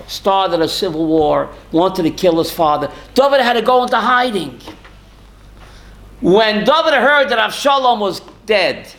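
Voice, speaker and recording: A man's voice: high voice, fairly bright tone. A rabbi teaching a class, asking questions to his students and answering them himself, with Hebrew and Yiddish terms worked into his talk. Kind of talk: Torah class.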